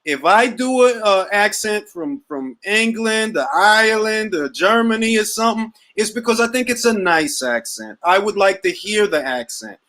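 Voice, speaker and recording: Joking male boxing talk host, higher voice. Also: expressive, normal speed, few pauses, sharp tone, low-quality recording. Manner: joking, repeats catchphrases, casual slang. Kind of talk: casual livestream chat.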